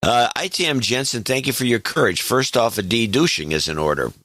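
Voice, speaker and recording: A man's voice: mid-range voice, expressive, brisk, a bit bright, no echo. A man co-hosting a podcast, reading listener notes aloud with dry asides. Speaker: podcast co-host.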